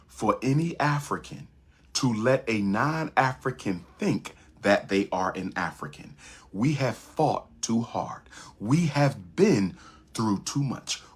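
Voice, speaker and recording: A man's voice: medium pitch, fairly bright tone, husky. A man giving an impassioned speech, emphatic and repetitive, with rhetorical questions. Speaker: public speaker.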